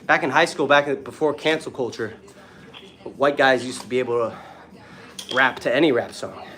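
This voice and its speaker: A man's voice: mid-range voice, moderate pace, a bit bright. A young man talking casually and with swearing in a vlog while doing push-ups, a bit out of breath. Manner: casual, profane, talks between push-ups. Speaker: dating coach.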